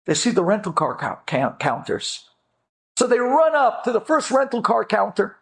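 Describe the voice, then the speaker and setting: A man's voice: sits high, moderate pace, gravelly. A man telling an inspirational story with animation, acting out each voice. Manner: animated, acts out every voice. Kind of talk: storytelling talk.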